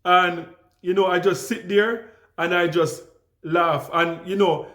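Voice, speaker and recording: A young Jamaican man tells stories to his viewers in a relaxed, unhurried way, full of restarts and fillers. His voice sits a bit high for a man. The room around him rings with echo. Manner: calm, easygoing, frequent restarts and fillers. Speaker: vlogger. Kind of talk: casual storytelling to camera.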